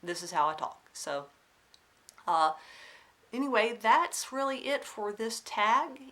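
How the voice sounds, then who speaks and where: A woman with a Southern US accent, chatting casually to camera from home, with careful enunciation, slightly soft R sounds, and a rambling flow full of ums and restarts. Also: fairly high pitch, animated, slow. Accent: Southern US, mixed Alabama and North Carolina. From Southern United States (Alabama, then North Carolina). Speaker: cross-stitch vlogger. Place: at home indoors.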